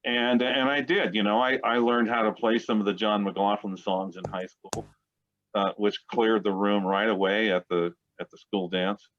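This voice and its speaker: A man's voice: on the low side, fairly even intonation, normal speed, fairly bright tone. Chatty older man telling stories, lo-fi. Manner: rambling, chatty anecdote-teller. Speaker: guest musician. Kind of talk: casual storytelling interview. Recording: dull lo-fi sound.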